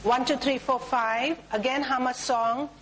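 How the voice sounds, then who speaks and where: A woman's voice: sits high, fairly even intonation, unhurried, a little hiss or hum, rough recording. A woman with an Indian English accent leading a group through a tapping exercise, giving instructions and chanting repeated cue words. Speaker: workshop leader. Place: talk room with a group.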